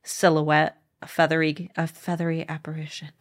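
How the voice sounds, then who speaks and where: A woman co-hosting a book podcast in a casual chat, lively and blunt, swearing casually. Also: low-pitched, moderate pace. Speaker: podcast co-host.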